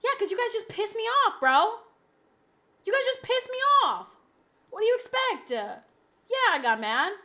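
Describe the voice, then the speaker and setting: A woman's voice: very high-pitched, very animated, a little slow, pauses often, bright, forceful tone. A young adult woman streaming from home, chatting casually and bantering defensively with her chat, swearing freely.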